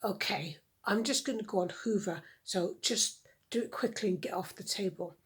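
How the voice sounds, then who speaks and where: A woman's voice: medium pitch, normal speed, slightly rough. A woman voicing bossy older sisters who scold and fret in a storybook reading. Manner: scolding, alarmed.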